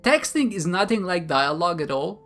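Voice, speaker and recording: A streamer giving snarky, jokey commentary on a story game and reading its text messages aloud in a flat, robotic way. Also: medium pitch, moderate pace, faint music behind. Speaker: gaming streamer. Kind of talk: casual let's-play commentary reading game texts aloud.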